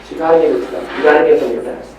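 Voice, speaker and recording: A man gives a motivational talk in a big, echoey hall, heard from some distance away from the mic. His voice sits a little high and mellow in tone. He tells stories, dropping to a hush and then pressing hard on key lines. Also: fairly even intonation, rapid-fire, highs cut off, slight background noise. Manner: storytelling, swings between hushed and emphatic. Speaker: motivational speaker. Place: large hall at a live training event. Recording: echoey live hall recording from far off.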